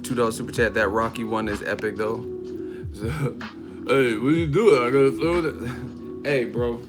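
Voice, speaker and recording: A man from Northern California hosting a boxing livestream, talking casually, joking and rambling with frequent laughs. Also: mid-range voice. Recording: music playing behind.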